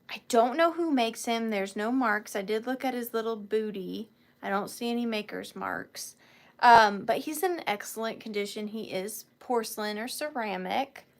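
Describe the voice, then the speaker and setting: A woman hosting a live online sale of vintage items, chatting casually and gushing over each piece. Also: fairly high pitch. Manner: chatty and gushing, calls items little cuties.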